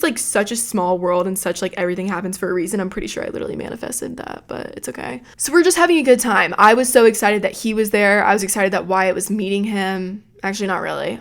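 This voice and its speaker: A woman's voice: mid-range voice, gravelly. Chatty, swearing young woman telling stories. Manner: chatty and profane, retelling a night out. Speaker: podcast host. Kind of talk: casual storytelling podcast.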